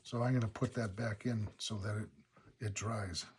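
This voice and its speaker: A man teaching watercolor, talking calmly through each brushstroke of a painting demonstration and thinking aloud as he works. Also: fairly low pitch, normal speed, slight background noise. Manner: relaxed, thinking aloud step by step. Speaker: watercolor instructor. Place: painting studio.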